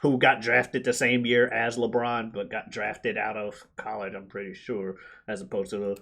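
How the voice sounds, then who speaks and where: A man's voice: moderate pace, gravelly. A man co-hosting a podcast in casual chat, laughing often and mimicking others. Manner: animated, laughing, imitates athletes in high voices. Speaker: podcast co-host.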